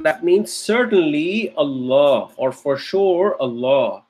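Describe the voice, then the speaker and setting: A man's voice: fairly high pitch, expressive, slow, hardly any pauses, a little mellow. A man teaching an online grammar lecture, patiently repeating points and checking in with the class. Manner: patient, repetitive, checks in with "okay?". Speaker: Arabic teacher.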